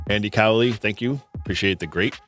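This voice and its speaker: This male host from Massachusetts has a Boston-area accent and a lowish, fairly bright voice at a moderate pace, with faint music in the background. He runs a casual live quiz chat, laughing often and restarting his sentences as he chats.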